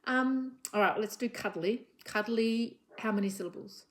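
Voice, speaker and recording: A woman teaching young children about words and sounds with a puppet, gentle and encouraging, sounding out letters and sometimes whispering softly. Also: fairly high pitch, a little hiss or hum. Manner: gentle, encouraging, slow and drawn out. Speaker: children's literacy presenter. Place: home living room.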